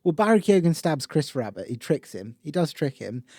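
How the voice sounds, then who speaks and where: A man co-hosting a film podcast, his voice mellow and dark in tone. He rambles casually and lets his thoughts trail off into softer asides, recorded close and dry with no room around him. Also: a little high, very animated, a little fast, no echo. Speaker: podcast co-host. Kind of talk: casual film review chat.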